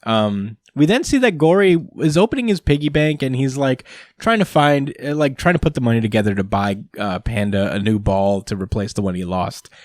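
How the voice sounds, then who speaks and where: Man, podcast host, casual rambling recap, lots of filler words, mid-pitched, dry close mic. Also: lively intonation, brisk, no echo. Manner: rambling, full of ums and uhs, laughs often. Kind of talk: casual manga recap chat.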